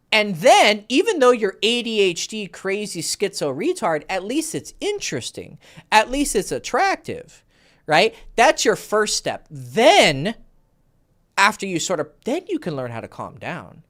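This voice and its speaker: The voice swings up and down in pitch and stays animated. He is a man coaching a caller on a livestream, with blunt, foul-mouthed advice that hops from one thought to the next. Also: unhurried. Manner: jumps between thoughts. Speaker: dating coach.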